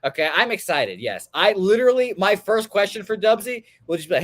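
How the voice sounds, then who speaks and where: A man's voice: high voice, expressive, normal speed, few pauses, a bit bright, no room sound. A young man hosting a sports betting radio show, chatting in a loose, joking, profane way. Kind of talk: casual sports radio chat.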